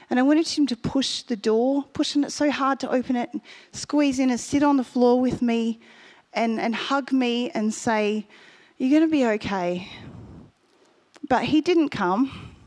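A woman preaching a sermon, telling a personal story and asking the congregation questions. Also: medium pitch.

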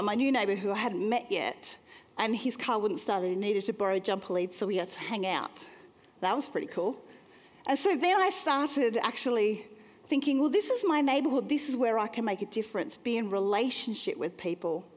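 Earnest woman telling a church testimony. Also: medium pitch. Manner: earnest, conversational, slows for emphasis. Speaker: church speaker sharing a testimony. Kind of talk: sermon testimony storytelling. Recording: long hall reverb, faint music behind.

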